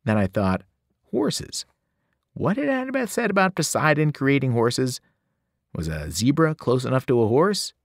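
A man, a teacher, reading a novel aloud with expressive storytelling. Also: mid-range voice, moderate pace, no room sound, studio quality.

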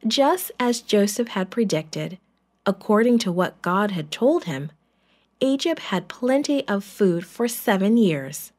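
A woman reads a Bible story aloud to children in a church. She speaks slowly and expressively, at an even, middle pitch.

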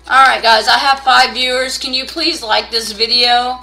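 A woman's voice: steady tone, unhurried, pauses often, bright, forceful tone, soft background music, poor audio. A woman doing a casual live tarot reading, blunt and profane, scolding viewers and pushing sales. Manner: pushy sales pitch.

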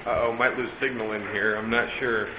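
A man's voice: mid-range voice, little pitch movement, brisk. A man casually narrating a zoo visit for a live stream, joking playfully about the animals as he walks along. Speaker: vlogger filming a zoo visit. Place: zoo reptile house. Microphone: phone camera. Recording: echoey, muffled phone stream with noise.

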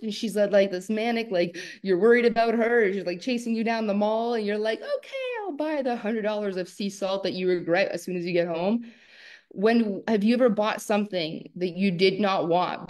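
A woman coach giving a live online masterclass, animated and emphatic and laughing often. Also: fairly low pitch.

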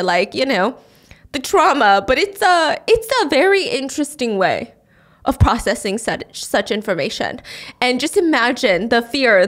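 Chatty woman podcast host, fairly high voice. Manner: animated, chatty, laughs often. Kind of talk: casual storytelling recap.

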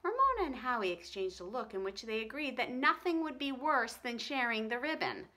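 A woman's voice: fairly high pitch, sing-song, fairly quick, pushed and bright. A woman reading a storybook aloud to children, asking them friendly questions. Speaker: reader for children.

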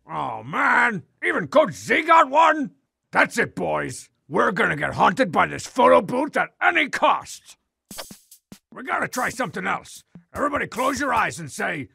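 A gravelly bratty cartoon schemer. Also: male voice, high voice, big pitch swings, a little slow, no echo, faint music behind, full character voice. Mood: scheming. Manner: shouty, gravelly, whiny. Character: scheming bratty cartoon boy, loud and rude. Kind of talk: cartoon voice acting.

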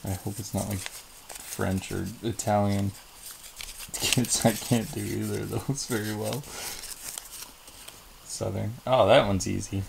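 A man's voice: lowish voice, fairly even intonation, slow pace, gravelly, pauses often, noisy background. A young man talking casually to the camera as a vlogger, rambling a little and chuckling between phrases. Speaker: vlogger on a date with his wife. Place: at home.

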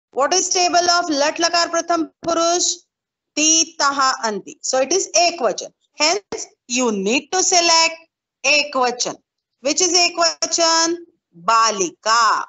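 A woman's voice: high-pitched, sharp tone, dull audio. A woman teacher with an Indian English accent, patiently walking her class through answers step by step and repeating them. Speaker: school teacher. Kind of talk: online class lesson.

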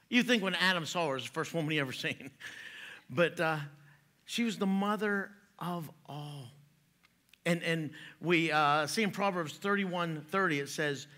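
A man's voice: on the high side, normal speed, pushed and bright. A man preaching a sermon in a church, joking in a folksy way and chuckling at his own jokes. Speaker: pastor. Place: church sanctuary.

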